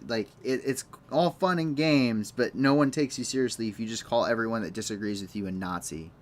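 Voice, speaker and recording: A man's voice: fairly low pitch, pushed and bright. A young man hosting a live online news show, commenting off the cuff in a rambling, sarcastic way with many restarts.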